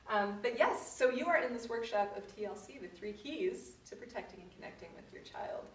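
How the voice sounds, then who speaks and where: A woman's voice: on the high side, lively intonation, brisk. Woman workshop host, earnest and personal, echoey room, a bit far from the mic, faint room noise. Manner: earnest, personal storytelling with laughs. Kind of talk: live workshop talk to a group. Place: room with an audience.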